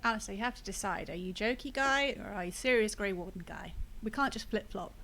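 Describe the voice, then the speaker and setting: A woman's voice: medium pitch, expressive, brisk, a bit bright. A woman streamer giving casual, wry commentary while playing a video game. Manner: chatty, wry, self-deprecating asides.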